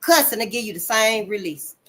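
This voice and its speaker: Woman going off on a rant, cussing, bright sharp voice, calls everyone honey. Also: lively intonation, brisk. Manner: profane, emphatic, calls listeners honey; swings between loud outbursts and low asides. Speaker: channel host. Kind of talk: impassioned commentary.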